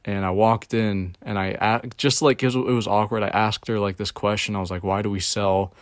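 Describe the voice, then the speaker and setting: A man's voice: lowish voice, fairly even intonation, a little fast, dry recording, studio quality. A young man telling a rambling, profane story about his job in casual chat, full of fillers. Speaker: streamer. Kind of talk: casual rant about work.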